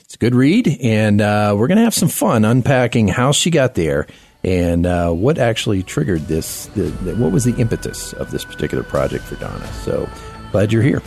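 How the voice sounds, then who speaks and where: A man hosting a radio talk show, lively and folksy, chatting with his guest and the listeners. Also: on the low side, normal speed, creaky, soft background music. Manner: lively, folksy, talks up the audience. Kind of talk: casual radio interview.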